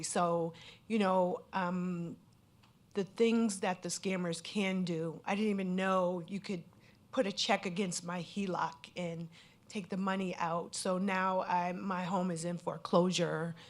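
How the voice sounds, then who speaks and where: A woman from Connecticut giving personal testimony at a panel event, speaking in an earnest, candid way with many fillers. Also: on the low side. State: at times emotional. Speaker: scam victim speaking on a panel.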